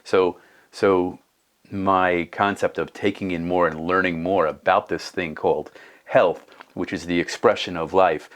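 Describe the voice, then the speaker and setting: Man in his fifties, very low voice, earnest, thinks aloud with restarts. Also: fairly bright tone. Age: 50s. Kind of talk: casual conversation.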